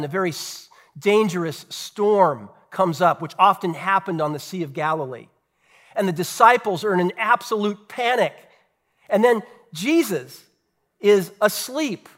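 High-voiced man preaching a sermon. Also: fairly bright tone. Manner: earnest preaching with rhetorical questions and dramatic pauses. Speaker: pastor.

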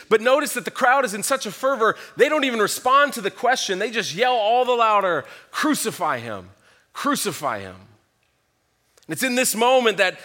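Bright-voiced male preacher teaching scripture. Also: high-pitched. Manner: reads scripture aloud then explains it, earnest and reflective. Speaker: pastor. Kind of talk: sermon.

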